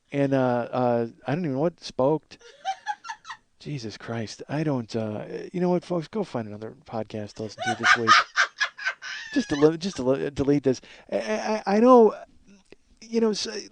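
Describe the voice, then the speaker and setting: A man hosting his own podcast, rambling and mocking himself, tired and yawning, swearing a lot. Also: on the high side. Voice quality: profane, self-mocking, frequent restarts and yawns. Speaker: podcast host. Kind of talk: rambling self-deprecating podcast monologue.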